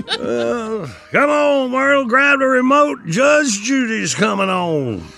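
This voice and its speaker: A man's voice: very high voice, very animated, drawn-out words, vocal fry, bright, forceful tone, soft background music, full character voice. A man with a Southern accent voicing a grumpy, sarcastic retired lawyer in his later years, bickering with his wife in a radio sketch. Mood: grumbling.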